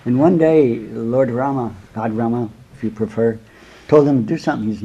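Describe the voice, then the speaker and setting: A man, a spiritual teacher giving a slow, rambling talk to his students, whom he calls his beloved. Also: mid-range voice, dark tone, breathy edge, highs cut off.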